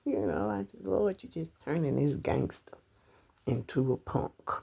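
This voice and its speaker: A woman's voice: deep voice, lively intonation, measured pace, vocal fry, long pauses, a little mellow, slightly rough. A middle-aged woman telling of her husband's death in a personal vlog, crying, rambling and dropping into whispers. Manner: tearful, breaks into whispers and cries, rambling. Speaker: widow sharing her grief. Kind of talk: emotional personal story vlog.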